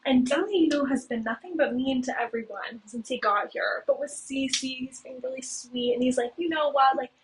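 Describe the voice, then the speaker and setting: A woman's voice: normal speed, few pauses. Chatty young woman, noisy cheap mic. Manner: chatty, heavy use of "like" and "okay?". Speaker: video host. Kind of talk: casual plot recap. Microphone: cheap home mic. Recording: noisy low-quality home mic with clicks.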